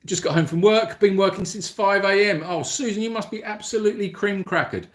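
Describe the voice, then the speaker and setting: A man's voice: high-pitched, brisk, fairly bright tone. A man hosting a casual livestream Q&A, rambling and self-deprecating as he answers viewer comments into his mobile phone. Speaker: animal sanctuary host answering viewer comments.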